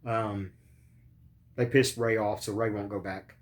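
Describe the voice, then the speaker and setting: A man's voice: on the low side, fairly even intonation, unhurried. A man hosting a podcast, in pain after surgery, rambling casually with lots of ums and swearing. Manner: rambling, profane, many ums and uhs. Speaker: podcast host.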